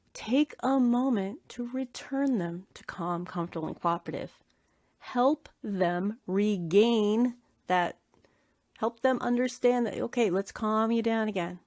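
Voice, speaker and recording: A woman hosts a podcast that teaches dog grooming, coaching her listeners in an earnest, encouraging way. She drives her points home by repeating key words. Her voice is mid-pitched and sounds dry and close, with no room around it. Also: a little mellow, dry recording.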